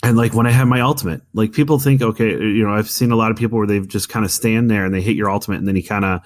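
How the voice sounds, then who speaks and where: A man's voice: fairly low pitch, steady tone, very fast. A man co-hosting a casual gaming podcast, rambling with many restarts and arguing his opinions firmly. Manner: opinionated, argumentative. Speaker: podcast co-host.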